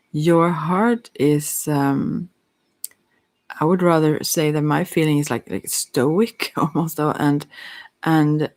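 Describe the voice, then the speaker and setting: A softspoken ASMR psychic with Swedish as a first language, giving a halting, hesitant chakra reading while teary-eyed. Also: medium pitch. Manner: halting, hesitant, with many fillers. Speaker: psychic card reader.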